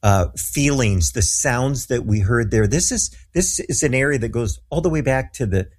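A man's voice: medium pitch, expressive, moderate pace. A middle-aged man, a guest minister, telling a story earnestly and with animation in a talk show interview.

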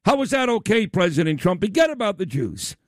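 Combative male talk radio host, high and animated, loud sarcastic rant, dry studio mic. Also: a little fast, no echo.

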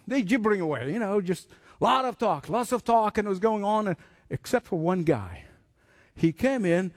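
A man preaching a sermon, telling stories with lively acted-out voices. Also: high voice, no echo, clean studio sound. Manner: animated storytelling, acts out voices.

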